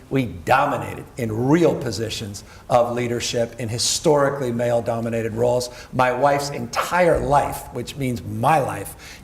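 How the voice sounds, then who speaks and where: A middle-aged man on stage, a political candidate talking in a quick, joking, emphatic way. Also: medium pitch, gravelly, a little mellow. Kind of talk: casual onstage conversation.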